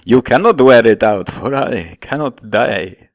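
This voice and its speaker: A man's voice: mid-range voice, lively intonation, measured pace, no room sound. Man doing Count Vladimir Draculia, a vampire. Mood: stately. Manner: formal, elaborate phrasing. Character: undying vampire count, grandly formal.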